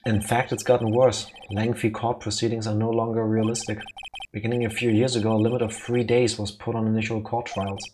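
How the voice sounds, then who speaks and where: A man's voice: fairly low pitch, flat delivery, noisy background. Playful punning man playing a game. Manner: playful, punning, quick asides. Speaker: let's play co-host. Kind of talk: casual gameplay banter, reading dialogue aloud.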